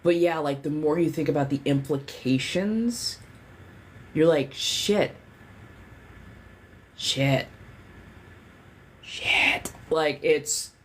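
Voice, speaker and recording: A woman's voice: sits low, a little mellow, slight background noise. Candid, cursing woman chatting on a livestream. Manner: rambling and candid, swears freely, many fillers. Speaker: livestream host. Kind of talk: casual livestream chat.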